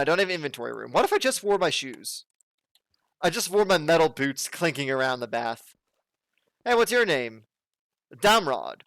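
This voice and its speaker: A man's voice: on the high side, sing-song, normal speed, creaky, long pauses, a bit bright, dry recording. A man from the southern United States casually commenting on his gameplay, chatty and jokey as he thinks aloud. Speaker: let's play host.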